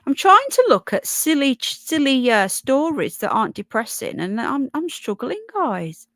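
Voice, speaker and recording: A woman's voice: high-pitched, sing-song, a little slow, no room sound. A woman from Birmingham with a Brummie accent and a touch of Yorkshire, chatting casually as a livestream host, blunt and sweary, calling viewers "love". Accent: Brummie, with some Yorkshire. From Birmingham, England. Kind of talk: casual live chat reading comments and news.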